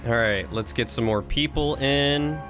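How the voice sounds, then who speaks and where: A man's voice: medium pitch, measured pace, over music. A man casually thinking aloud while streaming a strategy game, chatting with and thanking his viewers. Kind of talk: casual live-stream commentary.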